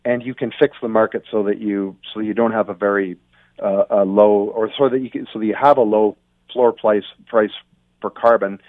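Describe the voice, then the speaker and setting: A man's voice: mid-range voice, dry recording. A man from Ontario giving blunt, opinionated commentary over the phone, often restarting his sentences. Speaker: guest commentator. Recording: tinny dry phone line.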